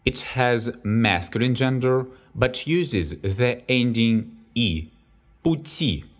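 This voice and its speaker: A man's voice: mid-range voice, slow. A man with a Russian accent, a native Russian tutor giving a language lesson, reading each word, then an example sentence, then its translation. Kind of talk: slow, deliberate language lesson.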